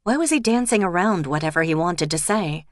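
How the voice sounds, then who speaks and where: A woman narrating an audiobook in a steady, even reading voice. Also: fairly low pitch, a little fast, no echo, studio quality. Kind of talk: scripted narration.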